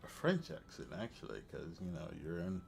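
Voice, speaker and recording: A man's voice: low-pitched, big pitch swings, a little fast, creaky, a little mellow, faint music behind. A tired man streaming a video game, chatting casually and correcting himself as he goes. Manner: rambling, self-correcting. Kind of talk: casual let's-play commentary.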